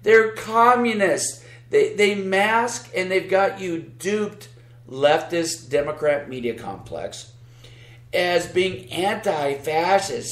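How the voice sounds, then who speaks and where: A man's voice: high-pitched, reverberant. A man co-hosting a podcast, giving sarcastic, combative political commentary and reading news aloud with asides. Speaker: podcast co-host.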